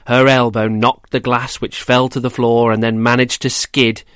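A man's voice: medium pitch, fairly bright tone, no echo, studio quality. Man reading a rhyming bedtime story. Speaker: storyteller and host.

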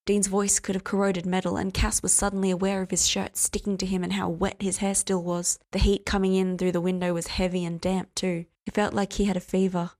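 A woman reading a story aloud as audiobook narrator in a steady, even manner. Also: medium pitch, a little fast, hardly any pauses. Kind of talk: scripted narration.

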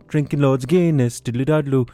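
A man putting on a cheery stage Irishman, singing a mocking jingle in a high, sing-song voice. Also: fast, warm tone, soft background music, natural voice.

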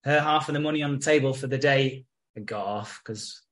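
A man's voice: medium pitch, fairly bright tone. Sweary English man recapping a show. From England. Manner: sweary, retells scenes with quick quoted voices. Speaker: podcast co-host. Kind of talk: casual chat recapping a soap episode.

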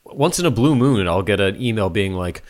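A man's voice: on the low side, animated, normal speed. A man co-hosting a casual podcast chat, teasing and offhand and loosely explaining things. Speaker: podcast co-host.

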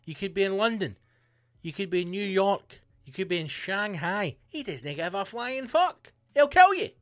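Man, podcast host, profane comic rant, slightly high voice, dry close sound. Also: moderate pace, no echo. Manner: profane, animated, mocking asides. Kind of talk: solo comedic rant. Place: home studio bunker.

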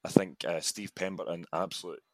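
A man talking as a guest in a relaxed podcast chat, joking, swearing casually and putting on voices as he goes. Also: low voice, fast talker, no room sound. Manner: chatty, laughs often, swears casually, mimics voices.

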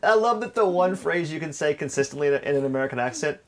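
A man's voice: on the high side, animated, fast. A man hosting a podcast, playful and teasing in casual chat. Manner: playful, teasing, laughs often. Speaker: podcast host.

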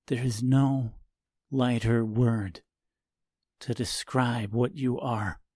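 A man voicing a stern young hero in an audiobook, speaking in a hushed, deliberate way. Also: mid-range voice, fairly even intonation, dry recording, studio quality. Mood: cold contempt.

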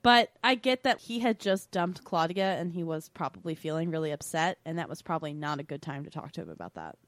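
A woman's voice: low-pitched, expressive, fairly quick, dry recording. A woman co-hosting a podcast, recapping episodes in casual chat and giving blunt, opinionated takes with casual swearing. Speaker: podcast co-host.

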